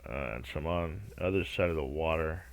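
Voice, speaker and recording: A Minecraft let's-play host with a rumbling low voice talks fairly quickly, rambling through his gameplay commentary. He's hesitant and talks to himself, often stalling and humming or scatting nonsense syllables.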